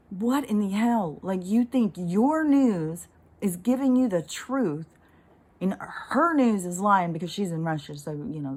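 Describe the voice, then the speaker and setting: Exasperated rambling woman, low voice. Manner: animated, exasperated, swears freely. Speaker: spiritual vlogger. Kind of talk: casual rambling monologue.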